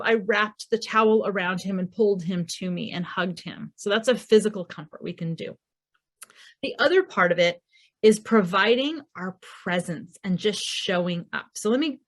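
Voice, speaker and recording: A woman presenting a recorded parenting masterclass in a conversational way, acting out quoted dialogue as she speaks. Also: mid-range voice.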